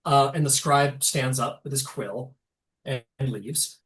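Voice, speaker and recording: A man in the game master's chair, narrating the scene in a loose, casual way. His voice sits at an ordinary middle pitch, and he fills the gaps with ums and uhs. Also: measured pace, a bit bright. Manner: casual, many fillers.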